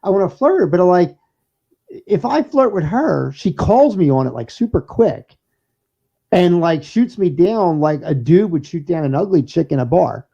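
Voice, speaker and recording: Very animated at a moderate pace, a man with a high-pitched, mellow voice, vocal fry and a breathy edge co-hosts a casual podcast. The podcast co-host and DJ rambles through stories with plenty of laughs and restarts in casual banter, recorded in dull lo-fi sound.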